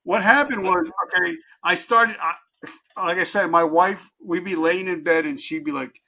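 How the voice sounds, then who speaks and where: Middle-aged male guest, gravelly and slightly high-pitched, candid and intense storyteller. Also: normal speed. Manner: candid, intense, swings from loud to hushed. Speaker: podcast guest, life coach. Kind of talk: emotional personal storytelling.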